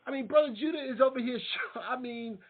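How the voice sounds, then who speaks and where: A man's voice: very high voice, quick pace. A male talk show host giving a fiery, mocking monologue and repeating phrases for emphasis. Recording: tinny phone-like sound.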